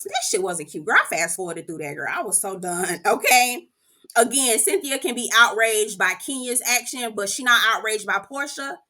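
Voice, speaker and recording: Woman recap host, bright and forceful, sassy and profane, casual commentary. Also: on the high side, moderate pace. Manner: sassy, profane, animated reactions to the show.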